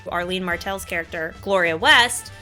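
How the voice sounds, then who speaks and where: A woman hosting a casual chat, animated and enthusiastic, often laughing as she talks. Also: fairly low pitch, moderate pace, music in the background. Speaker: host.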